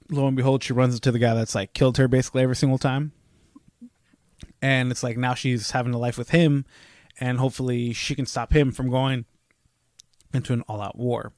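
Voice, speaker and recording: Rambling young man, animated and dry. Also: medium pitch, fairly quick, no room sound. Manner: rambling, animated, rants with quoted asides. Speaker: podcast co-host. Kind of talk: casual chat.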